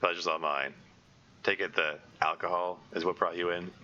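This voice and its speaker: A man voicing a friendly middle-aged alcoholic dad in a visual novel, speaking in a low, easygoing way. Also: steady tone, normal speed, pushed and bright, dull audio.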